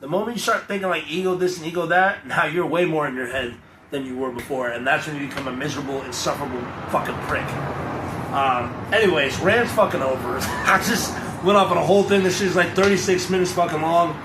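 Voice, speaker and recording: A young man launches into a blunt, swearing rant, slipping into mocking voices of the people he argues with. His voice sits a little high, and the sound bounces around an echoey space. Loud ambient noise hangs behind him. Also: fairly quick. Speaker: vlogger. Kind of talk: profane off-the-cuff rant.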